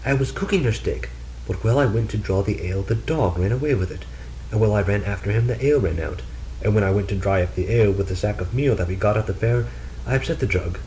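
A man's voice: lowish voice, fast, darkish tone, a little hiss or hum, lightly acted, rough recording. Man putting on a naive chattering young wife. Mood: excusing. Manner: innocent, chattering excuses. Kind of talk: storybook reading.

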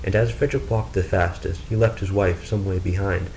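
A man narrating a fairy tale in a steady, measured storybook reading. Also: low voice, a little hiss or hum, poor audio.

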